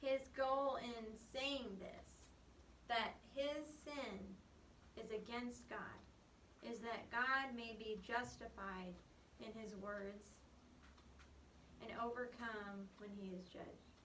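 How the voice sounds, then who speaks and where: A woman's voice: on the high side, fairly even intonation, slow pace, fairly bright tone, a little hiss or hum. A woman teaching a Bible class, emphatic and explanatory, often stopping with "um" and "okay". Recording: echoey room recorded from far off.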